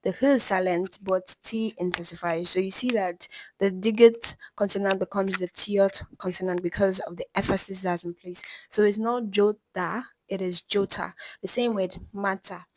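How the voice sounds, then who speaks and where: A woman giving a language lesson, explaining steadily and slowing down to sound out each example word. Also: medium pitch, fairly even intonation, rough recording. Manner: slows down to sound out example words. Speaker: language teacher.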